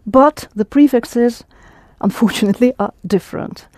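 Woman language teacher, patient, step by step, high mellow voice, dry recording. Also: normal speed, no echo. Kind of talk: language lesson.

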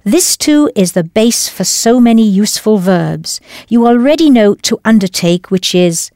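Slow, lively-voiced woman language teacher. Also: medium pitch, no echo, studio quality. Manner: slow, careful enunciation with prompting questions. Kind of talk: scripted language lesson.

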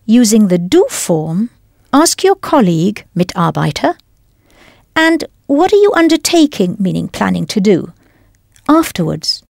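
Woman language teacher, slow and deliberate, animated intonation, dry studio sound. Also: mid-range voice, vocal fry, no echo. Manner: slow, careful enunciation with prompting questions. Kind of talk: scripted language lesson.

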